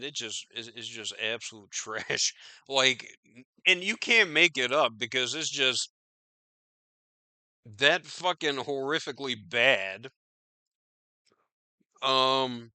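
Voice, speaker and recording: Profane, slow-talking male podcast host. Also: mid-range voice, bright, forceful tone, no room sound. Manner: profane, rambling, incredulous. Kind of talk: casual news commentary.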